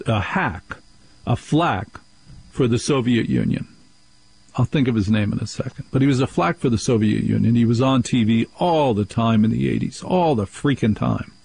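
Man, radio host, husky voice, animated storyteller, does the voices of people he quotes. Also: medium pitch, poor audio. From New Jersey. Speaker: radio talk show host. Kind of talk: talk radio monologue.

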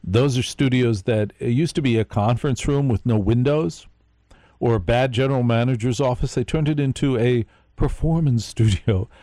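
A man's voice: medium pitch, moderate pace, warm tone, dry recording, studio quality. A man hosting a live late-night radio show, telling a rambling story and speaking straight to his listeners.

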